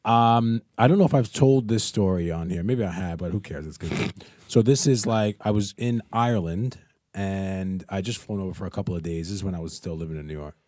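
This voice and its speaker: A young man co-hosting a podcast, telling stories in casual chat, animated and swearing freely. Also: low voice, brisk, no room sound. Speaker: podcast co-host.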